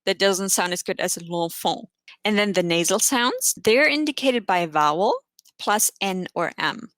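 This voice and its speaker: A woman's voice: medium pitch, a bit bright, no room sound. A woman teaching French pronunciation in an online class, explaining each rule patiently and spelling words out.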